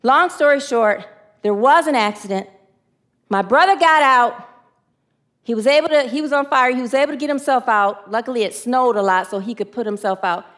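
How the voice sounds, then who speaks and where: A woman giving a personal testimony sermon, emotional, swinging from excited high lines to hushed low ones, and preaching to her listeners. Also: moderate pace. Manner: preachy, asks audience to answer. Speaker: spiritual speaker.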